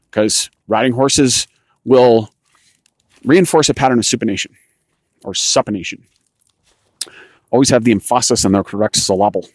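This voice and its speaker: A man's voice: mid-range voice, a little mellow, dry recording. A man hosting a cycling coaching podcast, explaining technique in a loose, self-correcting way while walking a rocky trail outdoors. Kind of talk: instructional podcast monologue.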